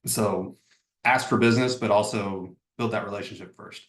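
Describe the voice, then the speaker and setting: A man's voice: fairly low pitch, steady tone, normal speed, reverberant. A man leading a real estate training session over a video call, talking casually and acting out sample phone messages. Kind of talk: live online training session.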